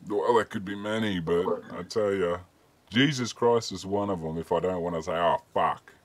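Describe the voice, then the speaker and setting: A man's voice: deep voice, normal speed, dry recording. A man from Australia hosting a casual chat, easygoing and swearing freely. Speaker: host.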